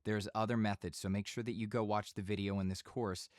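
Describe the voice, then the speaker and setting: A man giving a casual voice-over tutorial in a home studio, speaking in a relaxed conversational tone into a studio microphone. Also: on the low side, fairly quick, no echo. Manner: relaxed conversational teaching, occasional bursts of yelling demos. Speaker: voice-over instructor.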